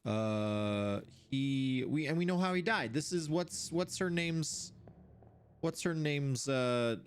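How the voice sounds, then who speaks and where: Animated streamer with lively pitch swings. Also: slow, slight background noise. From Seattle area, USA. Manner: animated, puzzling things out, sudden jumps to high pitch. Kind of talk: live game commentary, thinking aloud.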